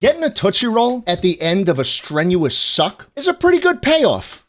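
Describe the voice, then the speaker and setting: A man hosting comedic candy-ranking commentary from his home setup, crude and sarcastic, swearing freely with mock-outraged deadpan jokes. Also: high voice, normal speed. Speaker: host.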